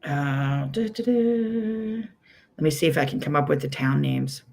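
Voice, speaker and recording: Extremely low in pitch and gravelly, this woman's delivery is flat and brisk. A Pittsburgh, USA quilting teacher with a Pittsburgh accent, she hosts a casual weekly livestream, chatting and rambling, saying "um" often and naming viewers as she greets them.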